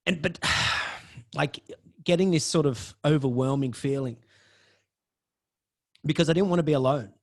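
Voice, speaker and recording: A man's voice: fairly high pitch, measured pace, pauses often. A man, a podcast host telling a personal story in a dramatic way and swearing freely.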